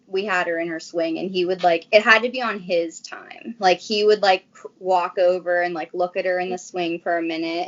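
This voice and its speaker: A young woman talks in a chatty, rambling way, with many "like"s as she tells her story. Her voice sits a little low. The recording sounds slightly dull and lo-fi. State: briefly tearful. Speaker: guest. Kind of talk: casual chat.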